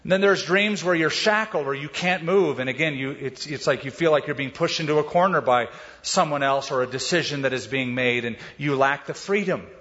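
A middle-aged male pastor giving a sermon, telling stories in a conversational way and speeding up and slowing down as he goes. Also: on the high side, fairly bright tone. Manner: conversational storytelling, varies pace. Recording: dull sound with long hall reverb.

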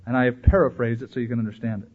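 A man preaching a sermon in an animated way, acting out voices when he quotes people. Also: medium pitch, very fast, slightly rough. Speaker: pastor. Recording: dull lo-fi recording.

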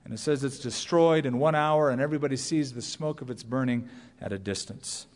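A man preaching a sermon as a pastor, emphatic and rising to high cries on key words. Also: brisk, darkish tone. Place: church sanctuary. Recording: long reverb of a large hall.

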